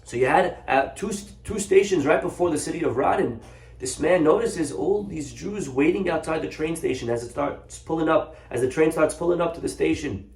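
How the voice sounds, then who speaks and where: A man, a rabbi, telling a story in a Torah lesson, animated and acting out the characters. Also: a little high, moderate pace, gravelly. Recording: echoey room.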